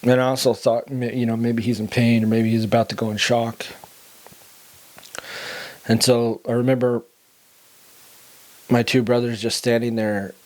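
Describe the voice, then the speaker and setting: A middle-aged man hosting a podcast shares his testimony earnestly, voicing the dialogue of others as he recounts it. His medium-pitched voice is flat and darkish, moving at normal speed with long pauses.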